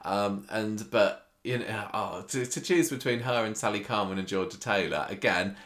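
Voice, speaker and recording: A man's voice: fairly low pitch, normal speed, a bit bright. A man co-hosting a podcast, chatty and hesitant with frequent ums. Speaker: podcast co-host. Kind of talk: casual podcast chat.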